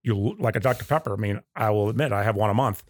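A man's voice: lowish voice, rapid-fire, no room sound. A man in his fifties, a guest in a casual interview, telling stories with energy and acting out the voices of people he quotes. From Arizona. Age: 50s. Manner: animated storyteller who acts out quoted voices. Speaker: guest, coffee company owner.

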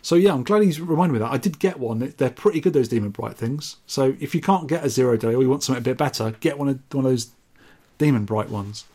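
A man's voice: medium pitch, quick pace, mellow. A man co-hosting a casual retro gaming podcast, reading out listener messages in a jokey, rambling way. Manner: jokey, rambling, self-deprecating. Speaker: podcast co-host.

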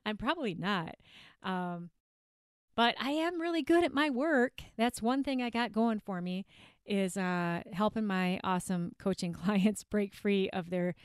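A woman's voice: mid-range voice, clear, resonant tone, dry recording. A woman hosting her solo podcast as an eating coach, talking in a chatty, self-deprecating and emphatic way from her home office studio.

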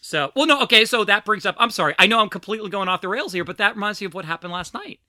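A woman's voice: mid-range voice, expressive, rapid-fire, sharp tone, no echo. A trans woman hosting a podcast in casual, scatterbrained, self-mocking chat. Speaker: podcast host.

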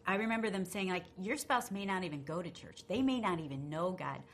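A middle-aged woman co-hosting a radio talk show, telling a story in a feisty, expressive way. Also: lowish voice, a little fast, a little hiss or hum. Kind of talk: casual storytelling chat.

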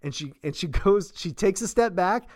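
An American man co-hosting a podcast, telling stories in a casual, laughing, animated way. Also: high-pitched, moderate pace. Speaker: podcast co-host. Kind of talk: casual chat, storytelling.

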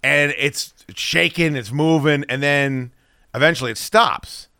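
A man hosting a podcast, telling a story casually and with lots of swearing, acting out his own shouts. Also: fairly high pitch, unhurried, vocal fry, smooth, no room sound, clean studio sound. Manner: profane, animated, acts out his own shouting. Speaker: podcast host.

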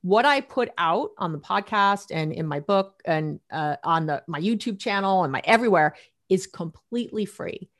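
A middle-aged woman, a relationship therapist, talking casually in an interview, animated and laughing often as she acts out her clients' lines. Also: fairly low pitch, moderate pace.

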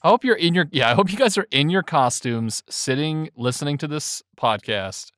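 A man's voice: on the high side, animated, normal speed, a bit bright, no echo, clean studio sound. A young man co-hosting a podcast, joking and rambling in casual chat with lots of fillers. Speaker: podcast co-host.

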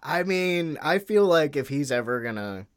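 A man's voice: on the high side, sing-song, moderate pace. A man chatting on a podcast, rambling and joking, sometimes losing his thread. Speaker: podcast guest. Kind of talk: casual political chat.

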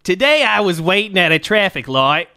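A man's voice: sits high, big pitch swings, normal speed, bright, forceful tone, clear, resonant tone, dry recording, clean studio sound, voice pushed up, heavily acted. A man putting on a chatty Australian fan. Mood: storytelling. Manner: hammy, self-interrupting put-on accent.

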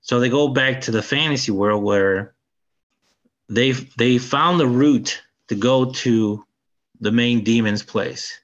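A man's voice: medium pitch, takes it slowly, dull audio. Man animatedly retelling a film plot. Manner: animated retelling, acts out character lines. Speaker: podcast co-host. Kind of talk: casual film review chat.

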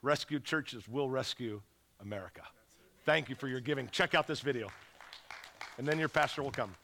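A man's voice: mid-range voice, moderate pace, vocal fry, some chatter behind. A man preaching as a guest pastor in a church, telling stories with energy and acting out the voices of the people who called him. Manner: animated, acts out callers' voices. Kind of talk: energetic fundraising sermon. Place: church sanctuary.

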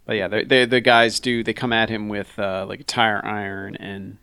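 A man's voice: fairly low pitch, little pitch movement, normal speed, gravelly, sharp tone, clear, resonant tone, no room sound. A man chatting on a podcast about a movie in a wry, easygoing way, adding asides. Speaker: podcast co-host. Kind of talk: casual chat reviewing a movie.

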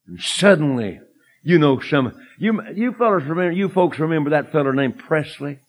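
A man preaching a fervent, folksy sermon and telling a story that builds to shouted emphasis. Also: a little high, big pitch swings, normal speed. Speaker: evangelist preacher.

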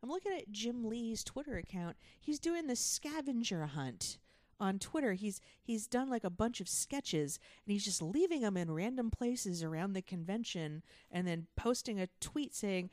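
A woman's voice: medium pitch, lively intonation, moderate pace, darkish tone, dry recording, studio quality. A woman co-hosting a casual chat podcast, telling stories in a chatty way. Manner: chatty, laughing storyteller. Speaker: podcast co-host.

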